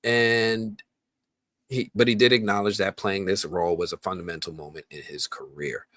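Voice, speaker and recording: A man's voice: low-pitched, fast, fairly bright tone, no room sound. A man hosting a casual movie news podcast, talking loosely with lots of ums and restarts. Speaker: podcast host.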